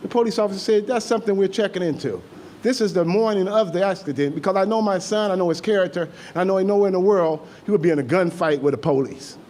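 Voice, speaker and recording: A grieving father giving an emotional public statement at a meeting, halting and repeating himself. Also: high-pitched, a little mellow, a little hiss or hum.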